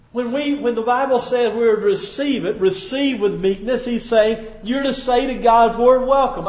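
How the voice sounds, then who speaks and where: A man preaching a folksy, emphatic sermon to his congregation, often asking them questions. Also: high-pitched. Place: church hall. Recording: dull sound with long hall reverb.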